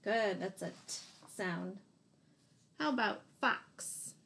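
A woman teacher leads a phonics lesson for young children. She speaks slowly and patiently at a middle pitch, sounds out each letter and gives encouraging praise. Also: vocal fry, a bit bright.

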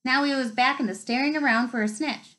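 A woman's voice: high voice, brisk, bright, forceful tone, low-quality recording. A woman reading a novel aloud, telling it expressively and rising with the action. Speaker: reader.

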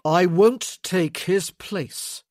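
A woman voicing an anguished, intense young man who speaks in a flat, low voice. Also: slow pace, no room sound, studio quality, exaggerated voice.

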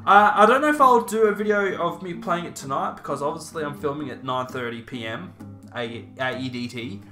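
A man's voice: on the high side, a little fast. A young man chatting casually through an unboxing, with playful, self-mocking asides. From Australia. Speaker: YouTuber. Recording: roomy echo, faint music.

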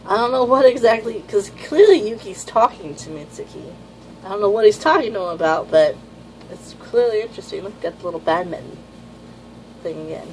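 A woman chatting casually as she pages through a new manga volume, rambling and gushing with excitement, with a slightly sore throat. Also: mid-range voice, fairly quick, a little hiss or hum, low-quality recording. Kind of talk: casual unboxing chat.

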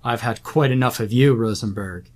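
A man's voice: medium pitch, normal speed, darkish tone, natural voice. A man playing a distraught middle-aged scientist who speaks indignantly and with agitation. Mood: outraged.

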